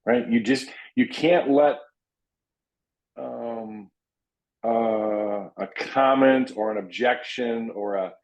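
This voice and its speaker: A man's voice: takes it slowly, pauses often, darkish tone. A man coaching real estate agents in an earnest, emphatic way, restarting his sentences often and acting out lines of client dialogue. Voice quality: low voice, frequent repeated restarts. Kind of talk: coaching talk. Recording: dull lo-fi audio.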